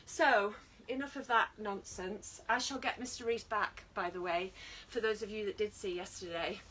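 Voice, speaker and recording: A British fitness instructor leads an online exercise class in a chatty, encouraging manner, poking fun at herself. Her mid-range voice is slightly bright and sounds far from the microphone.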